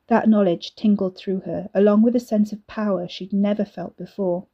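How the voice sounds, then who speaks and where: A woman giving a steady, measured reading of a storybook. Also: mid-range voice, dull audio. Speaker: narrator. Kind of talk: storybook narration.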